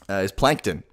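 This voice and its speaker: A man's voice: medium pitch, a bit bright. A man giving a crude, rambling, self-mocking voice-impression tutorial at home. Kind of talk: casual tutorial. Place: home room at night.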